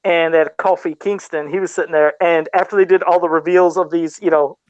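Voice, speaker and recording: Man, podcast host, high voice, dry close sound, rambling and excited. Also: brisk, smooth, no room sound, low-quality recording. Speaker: podcast host and toy customizer. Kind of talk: casual podcast chat.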